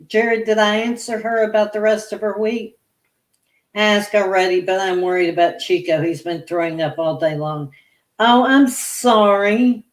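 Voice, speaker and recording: A woman's voice: medium pitch, level tone. A woman reading tarot on a livestream, chatting casually with viewers and telling meandering stories. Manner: chatty, reads viewer comments aloud and answers them; slow, meandering storytelling.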